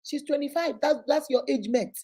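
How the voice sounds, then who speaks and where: A Nigerian woman in her fifties hosting a casual livestream advice talk. She is animated and scolding, and mixes in pidgin and Igbo phrases. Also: high-pitched, normal speed. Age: 50s. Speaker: host.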